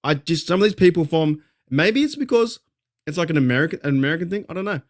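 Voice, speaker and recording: A man's voice: a little high, lively intonation, fast. A man with an Australian accent hosting a casual fan talk show, fired up and rambling, swearing freely as he vents. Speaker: podcast host.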